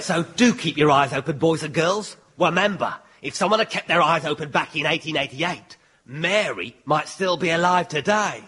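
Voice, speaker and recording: A man's voice: a little high, animated, moderate pace, sharp tone. A man playing a comic tour guide in a comedy sketch, theatrical and hammy. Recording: noisy recording.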